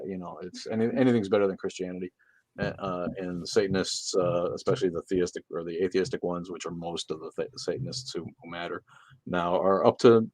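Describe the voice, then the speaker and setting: A man's voice: deep voice, no room sound. A man co-hosting a casual livestream, reading out chat comments with loose, profane jokes.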